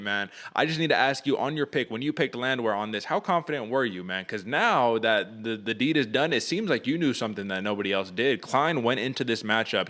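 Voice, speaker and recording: A young adult man co-hosting a podcast, recapping fights in casual, energetic chat and saying "man" a lot. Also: medium pitch. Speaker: podcast co-host.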